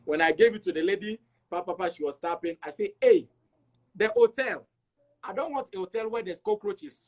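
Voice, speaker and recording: Middle-aged man, husky, a touch high. Animated storyteller, interview guest. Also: brisk. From Togo. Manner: animated, acts out dialogue with repeats.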